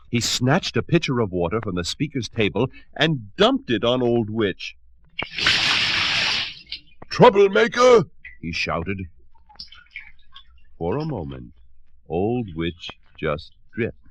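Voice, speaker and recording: Low voiced guy reading a kids storybook, lively ups and downs, takes his time. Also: slow pace. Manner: expressive, dramatic narration. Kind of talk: storybook read-aloud.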